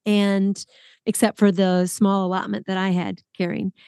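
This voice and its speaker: Woman podcast host, lively storyteller, close dry mic. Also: mid-range voice, measured pace, clean tone, dry recording. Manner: animated storyteller, exclamations. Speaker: podcast host, former group leader. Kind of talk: casual podcast conversation.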